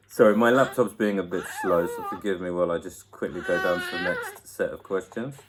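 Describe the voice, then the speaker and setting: Here the host's low voice swings hugely in pitch at a normal speed, against a noisy background. The young man is answering viewer questions at home through a laptop mic, joking around, laughing a lot, and talking to a baby.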